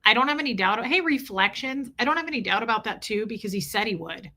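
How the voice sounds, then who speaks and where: A woman's voice: on the high side, animated, fast, bright, forceful tone. A middle-aged woman hosting a livestream, talking candidly and with emotion while answering her chat. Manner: emotional, candid, talks straight to chat viewers. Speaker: livestream host reading chat.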